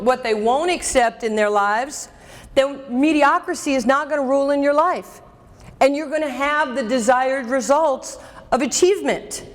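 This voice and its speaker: A woman in her fifties from New York giving a motivational keynote at a luncheon. She speaks emphatically and directly into a microphone and calls out audience members. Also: high-pitched. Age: 50s. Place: banquet hall at a luncheon. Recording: echoey banquet hall.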